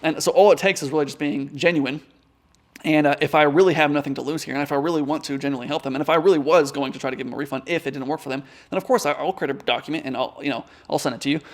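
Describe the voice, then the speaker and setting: A man's voice: on the high side, steady tone, racing. A man coaching viewers in a casual advice vlog, with direct, conversational talk. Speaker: online business coach.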